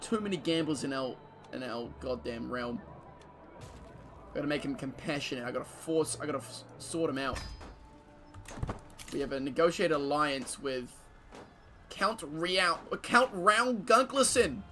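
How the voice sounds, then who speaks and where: A man's voice: a little high, measured pace, long pauses, bright, forceful tone, soft background music. Joking, profane gamer guy. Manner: casual, profane, joking banter with frequent laughter. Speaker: streamer. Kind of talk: gameplay commentary.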